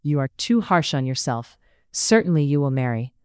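A narrator plays a gentle, hopeful young lady from a period storybook, kind and soft-spoken. The voice is smooth and clear, and it is recorded close and dry. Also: medium pitch, expressive, normal speed, no room sound, close to an everyday voice. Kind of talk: audiobook character reading.

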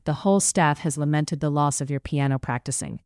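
An audiobook narrator voicing an elderly Irish housekeeper, motherly and gently scolding, with a light Irish lilt. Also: mid-range voice, fairly quick, clean tone, no room sound, clean studio sound, natural voice. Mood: fond. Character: elderly Irish housekeeper woman, fussing and fond. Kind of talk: audiobook character voice.

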